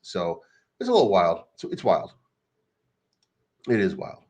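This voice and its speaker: A man's voice: low voice, wildly swooping pitch, unhurried, darkish tone. A man hosting a crypto channel, ranting casually in a rambling, crude, mocking way. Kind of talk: casual unscripted rant. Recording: dull lo-fi recording.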